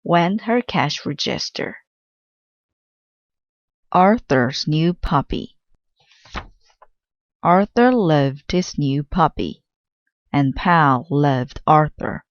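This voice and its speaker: A woman narrating a children's storybook aloud in a gentle, clear manner. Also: low-pitched, expressive, extremely slow, long pauses, dry recording. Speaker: children's book reader. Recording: slightly dull dry recording.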